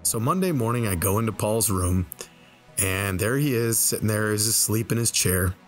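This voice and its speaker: A man telling a personal story in a relaxed, conversational way over gameplay, slowing down for the tense moments. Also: fairly low pitch, faint music behind. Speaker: storyteller and game video creator. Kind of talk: casual spoken storytelling. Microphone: desk microphone.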